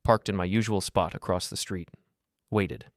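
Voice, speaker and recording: A middle-aged man narrating a first-person revenge story in a cold, measured, deliberate way. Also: low voice, fairly even intonation, dry recording, clean studio sound.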